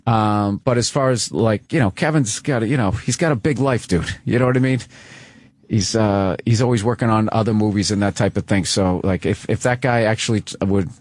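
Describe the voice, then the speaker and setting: A man's voice: lowish voice, fairly quick, a little mellow, no room sound, clean studio sound. Profane, rambling comedian man. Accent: Boston. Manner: profane, rambling, self-mocking storyteller with put-on voices. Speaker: comedian guest. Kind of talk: casual radio talk-show storytelling.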